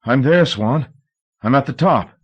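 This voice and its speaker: An audiobook reader, a man, voicing a weary young man digging his way upward, who shouts when he gets excited. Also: lowish voice, normal speed. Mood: eager.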